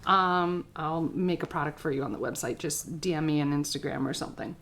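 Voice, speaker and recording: A woman's voice: deep voice, a little fast, fairly bright tone, a little hiss or hum. A woman art teacher giving a casual live-stream craft tutorial, chatty and rambling with frequent filler words.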